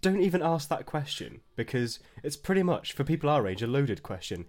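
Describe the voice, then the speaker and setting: A man's voice: on the high side, big pitch swings, brisk, a little mellow. A man hosting a podcast in casual chat, rambling and stammering through his stories. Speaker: podcast host.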